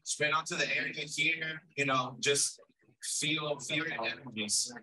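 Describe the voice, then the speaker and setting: A man leading a group activity at an event, energetic and playful as he calls out to the crowd. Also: a little high, unhurried, distant mic, low-quality recording. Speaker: workshop facilitator. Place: large event hall.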